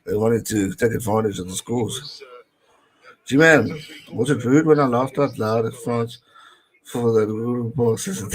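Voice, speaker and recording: In a mid-range voice, taking things slowly, a young man chats with his audience during a live rugby watch-along, reading their messages and commentating casually. The recording quality is rough.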